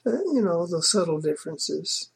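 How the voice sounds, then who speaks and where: Woman, slightly low voice, informal sales coach who talks loosely and circles back to her points. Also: expressive, normal speed, vocal fry, slightly rough. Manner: conversational, repeats points, many "you know" fillers.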